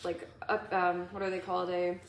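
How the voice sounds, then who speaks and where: A woman telling a story in casual chat as a co-host. She is animated and swears freely. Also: on the low side, normal speed, gravelly, echoey room.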